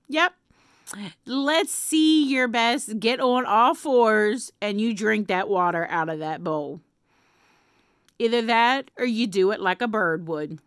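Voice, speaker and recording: Woman vlogger, playful chatty delivery, unhurried, dry close sound. Casual to-camera read. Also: on the high side, a bit bright, clear, resonant tone, no room sound. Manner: playful, laughs often, drops to whispers.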